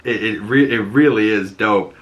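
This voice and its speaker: A man hosting a casual episode recap, animated and acting out character lines in put-on voices. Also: fairly low pitch, moderate pace, muffled recording.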